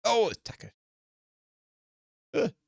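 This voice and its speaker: Hosting a watch party during a guessing game, a man in his twenties chats casually with his viewers at a slow pace, excitable and quick to swear and laugh. There's no room sound, just clean studio audio.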